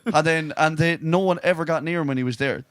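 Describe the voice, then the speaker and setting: An Irish man co-hosting a podcast, telling stories in a casual, animated way and slipping into rural voices. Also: a little high, fast, dry recording, studio quality. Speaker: podcast co-host. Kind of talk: casual storytelling chat.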